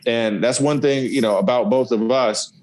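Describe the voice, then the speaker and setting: A man's voice: mid-range voice, moderate pace, poor audio. A man in his forties, a former college offensive lineman, telling stories casually and acting out scenes as he laughs. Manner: animated, laughing, acts out scenes. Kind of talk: casual podcast storytelling.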